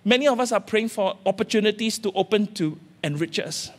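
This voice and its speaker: A man's voice: sits high, fairly quick. A man from Singapore, a senior pastor preaching an impassioned sermon in a large church hall, pressing his listeners with urgent, repeated calls. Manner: urgent, repetitive exhortations with rising calls. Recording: reverberant church hall with faint music.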